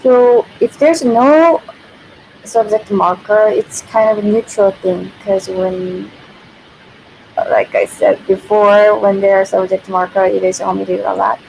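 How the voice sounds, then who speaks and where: A woman's voice: mid-range voice, fairly even intonation, a little slow, gravelly, darkish tone, rough recording. Giggly Korean-accented woman teaching. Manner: giggly, repeats and restarts phrases. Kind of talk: casual livestream lesson. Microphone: built-in device mic, no external microphone. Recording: faint background noise, no proper mic.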